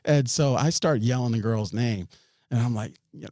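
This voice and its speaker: A man's voice: mid-range voice, normal speed, warm tone, dry recording, clean studio sound. A man, a podcast guest, tells a story in a rambling way, with many restarts and chuckles. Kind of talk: storytelling in an interview.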